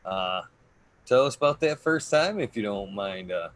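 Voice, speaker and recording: A man's voice: fairly low pitch, animated, moderate pace, fairly bright tone. A man hosting a casual podcast interview, asking loose, rambling questions with some swearing. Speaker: podcast host.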